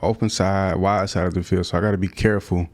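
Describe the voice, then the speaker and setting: A young man giving casual, slang-filled play-by-play of his own football video game, out of breath at times and prone to loud excited outbursts. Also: deep voice, quick pace. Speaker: gaming YouTuber. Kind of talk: live gameplay commentary.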